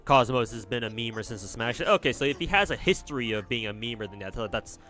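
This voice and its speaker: A man's voice: medium pitch, animated, fast talker, bright, forceful tone, faint music behind. A man livestreaming a game, chatting casually and bluntly as he reads chat and plays, rambling and swearing freely. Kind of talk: casual commentary while playing and reading chat.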